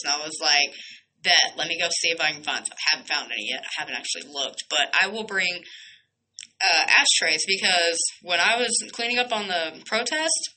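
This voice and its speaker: A woman's voice: lowish voice, bright, forceful tone, a little hiss or hum, low-quality recording. A young woman hosting a radio show, ranting bluntly and heatedly, swearing and firing off rhetorical questions. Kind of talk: heated solo radio rant.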